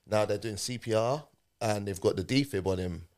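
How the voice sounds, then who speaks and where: A man's voice: lowish voice, moderate pace. A man, a podcast guest telling a personal story in conversation, animatedly acting out what people said. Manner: animated retelling, acting out quoted speech.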